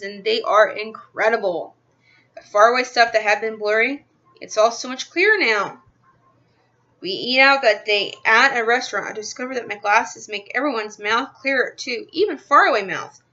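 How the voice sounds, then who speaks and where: A woman's voice: fairly high pitch, normal speed, pushed and bright, dull audio. A woman reading a children's book aloud in the first person, expressively, into a webcam microphone. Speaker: reader. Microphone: built-in computer webcam mic.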